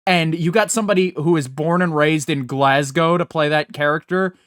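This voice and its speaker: A man with a fairly high, slightly bright voice speaks at normal speed in a dry, clean studio recording. Co-hosting a podcast, he rambles casually, swears freely, and laughs often.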